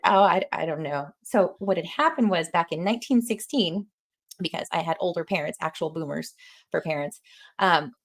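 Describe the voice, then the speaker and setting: Woman, podcast host, laughs a lot, lively storyteller. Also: on the low side, creaky. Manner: animated, laughs often, talks with her hands. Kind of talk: casual podcast chat.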